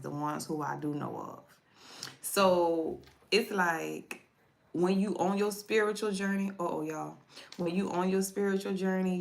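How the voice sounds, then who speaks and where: A woman's voice: lowish voice, fairly bright tone. A woman tarot reader telling a personal story to viewers in a casual livestream, chatty and repetitive, often addressing her audience directly. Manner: chatty, repeats herself, speaks directly to viewers.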